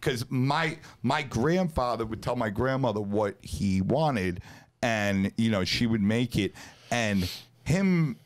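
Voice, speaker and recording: A man's voice: medium pitch, expressive, takes it slowly. Man, podcast host, casual chat, loose profane storyteller, lots of restarts.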